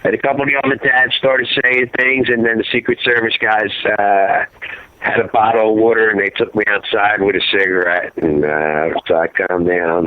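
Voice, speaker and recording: A man's voice: lowish voice, no echo. A middle-aged man speaking over a narrow, phone-like line with no room sound at all. He rambles and circles back, leaning on "you know" and "uh" as he recounts events to the host. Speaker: guest, father of a fallen serviceman. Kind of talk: emotional phone interview. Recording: tinny phone line, dry.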